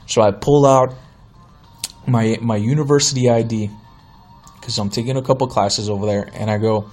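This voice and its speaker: A man in his thirties hosting a podcast, telling a comedic story in an exasperated, animated way and mimicking the people in it. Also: mid-range voice, moderate pace, pauses often, faint music behind. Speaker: podcast host.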